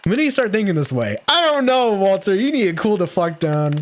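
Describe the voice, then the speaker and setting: A man's voice: high-pitched, very animated, brisk, a little hiss or hum. A man streaming a comedic story reading, giggling and breaking into laughter often.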